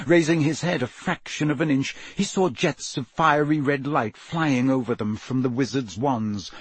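A man narrating an audiobook with a dramatic, expressive reading. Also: mid-range voice, breathy edge, no room sound.

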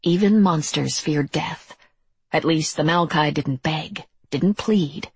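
A woman narrating a dark fantasy audiobook in a measured, even storytelling manner. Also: deep voice, slightly rough, dry recording.

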